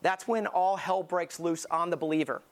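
A man's voice: sits high, steady tone, normal speed. A man preaching a sermon as lead pastor, emphatic and conversational, telling vivid stories to drive his point home.

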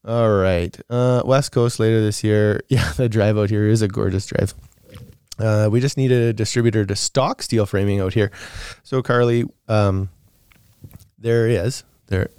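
A man's voice: fairly low pitch, darkish tone, clean tone, no echo, studio quality. A man co-hosting a podcast, answering listener questions in a casual, rambling way with fillers and laughs.

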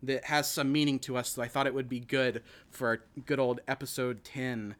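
A man's voice: medium pitch, fairly even intonation, moderate pace, a bit bright. A man hosting a podcast, chatting casually in a rambling, joking way with many restarts. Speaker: podcast host. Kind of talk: casual chat.

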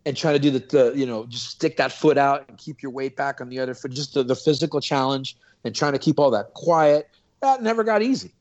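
A man's voice: mid-range voice, a little fast, a little mellow, dull audio. A man, a podcast guest, telling stories in a casual, rambling way, full of restarts and fillers. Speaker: podcast guest, former drum corps snare drummer. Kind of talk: casual storytelling chat.

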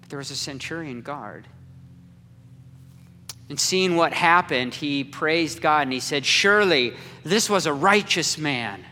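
A man preaching a dramatic sermon as a story, slow and swinging between loud cries and hushed near-whispers. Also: on the high side, animated, slight background noise. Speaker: pastor. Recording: echoey hall with long reverb.

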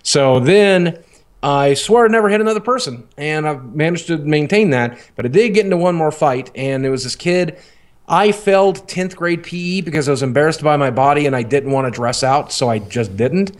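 A man's voice: a little high, lively intonation, moderate pace. Rambling profane man telling a story. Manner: rambling, profane, laughs often. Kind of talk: casual storytelling chat.

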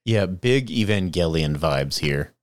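Man, co-host, casual chat, wry jokes, very deep voice, dry close mic. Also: lively intonation, slow pace, dry recording. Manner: joking, wry asides. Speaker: podcast co-host. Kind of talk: casual chat recapping a show.

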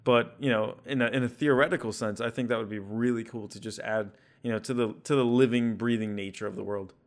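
A man's voice: medium pitch, fairly even intonation, brisk. A man co-hosting a casual gaming podcast, rambling and leaning heavily on "you know". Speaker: podcast co-host.

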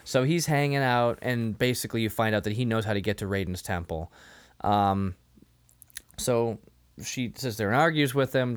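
A man's voice: mid-range voice, moderate pace, clear, resonant tone. A man co-hosting a casual movie review chat, laughing often and acting out quotes. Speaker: podcast co-host.

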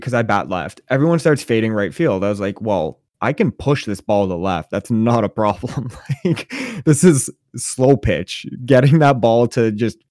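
A man co-hosting a casual sports podcast, telling animated, profane stories and venting with gusto. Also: medium pitch, no room sound, clean studio sound. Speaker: podcast co-host.

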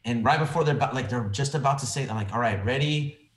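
A man telling stories in a casual podcast chat, animated and swearing freely. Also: mid-range voice, quick pace, echoey room. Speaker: director guest.

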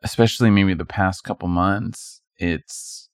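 A man with a low, gravelly voice co-hosts a casual podcast. He speaks hesitantly and searches for his words. The sound is dry and close. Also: steady tone, unhurried, no room sound. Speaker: podcast co-host. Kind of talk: casual chat.

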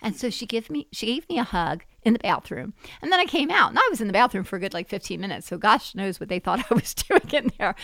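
Animated woman telling a faith story. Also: mid-range voice, no room sound. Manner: animated storyteller, acts out quoted dialogue. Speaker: guest minister. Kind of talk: casual Christian talk-show testimony.

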